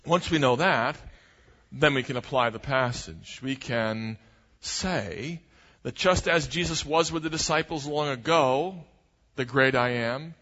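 Preaching man in a reverberant church. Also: muffled recording. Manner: lively preaching, rising for emphasis and dropping low and slow on key points. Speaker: pastor. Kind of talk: sermon.

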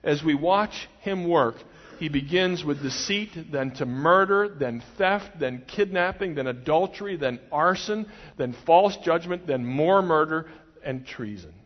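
A man preaching with a slightly raised voice, telling the story with feeling and acting out the lines of its people. His voice rings with the long echo of a large hall, and the recording sounds a bit muffled. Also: on the high side. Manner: expressive storytelling with voiced quotes. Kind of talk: sermon.

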